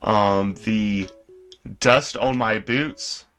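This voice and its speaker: A man on a casual stream, talking slowly and mockingly as he reacts to clips. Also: on the low side, fairly bright tone. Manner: slow, mocking delivery, often reading aloud dramatically. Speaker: co-host reacting to videos.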